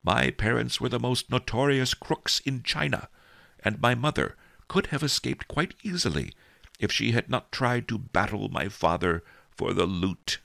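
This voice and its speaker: A man's voice: medium pitch, a little slow, vocal fry, pushed and bright, no room sound, pitched above the performer's own voice. A man reading an audiobook, voicing a wily old male storyteller who tells his tale wryly. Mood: wry storytelling. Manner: wry, sly storytelling. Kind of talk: audiobook character voice.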